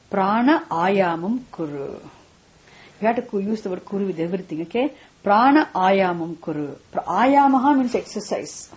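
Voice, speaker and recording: A woman's voice: medium pitch, rough recording. A woman teaching scripture, patiently repeating key points and checking that listeners understand. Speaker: spiritual teacher. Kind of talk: scripture lesson.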